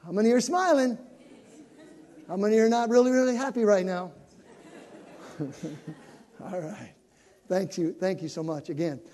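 An older male pastor making an animated appeal to his congregation, building up to shouting. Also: high voice, a little slow, long pauses. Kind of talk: sermon announcement to a congregation. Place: church sanctuary. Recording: long reverb of a church hall.

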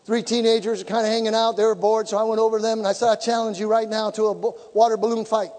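High-voiced preacher in a reverberant hall. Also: male voice, fast. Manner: animated, shouts for emphasis, acts out dialogue. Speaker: pastor. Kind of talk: sermon with storytelling. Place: church sanctuary.

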